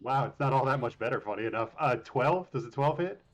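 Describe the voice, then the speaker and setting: A man's voice: mid-range voice, animated, fast talker, a little hiss or hum. A man player describing his character's attacks in a tabletop game, easygoing and self-mocking. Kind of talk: casual game talk.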